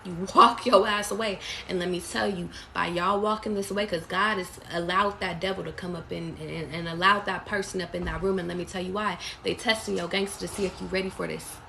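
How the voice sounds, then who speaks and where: A woman's voice: fairly low pitch, fairly even intonation, a little fast, vocal fry, hardly any pauses, pushed and bright, a little hiss or hum. A woman reading tarot live for her viewers, blunt and profane, calling them baby. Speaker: tarot reader. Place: away from home.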